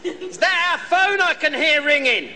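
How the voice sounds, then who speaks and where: A cocky wheeler-dealer. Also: male voice, very high-pitched, unhurried, exaggerated voice. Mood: nervous bluster. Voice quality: brash, chuckling, wheedling. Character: cocky middle-aged London wheeler-dealer man. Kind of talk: TV sitcom acting. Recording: TV sitcom with loud audience laughter and noise. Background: studio audience laughter.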